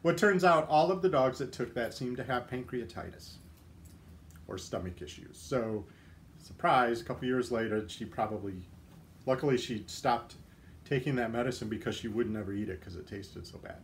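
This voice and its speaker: A man's voice: mid-range voice, normal speed, a little hiss or hum. Chatty man hosting a casual livestream. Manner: chatty, self-deprecating, joking asides. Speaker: livestream host. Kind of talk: casual chat answering viewer comments.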